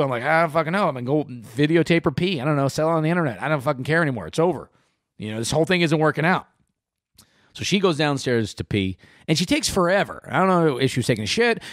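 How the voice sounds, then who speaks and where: A man, a comedian hosting his podcast, telling a story with lots of swearing and high-pitched quoted voices. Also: no room sound, clean studio sound. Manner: profane, animated, acts out quotes in high voices. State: sweating. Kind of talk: comic storytelling monologue.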